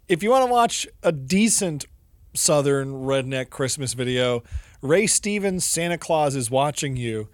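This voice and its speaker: A man co-hosting a casual podcast, wry and deadpan as he mocks what he watches. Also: mid-range voice, measured pace, no echo, studio quality. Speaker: podcast co-host. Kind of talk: casual chat reviewing music videos.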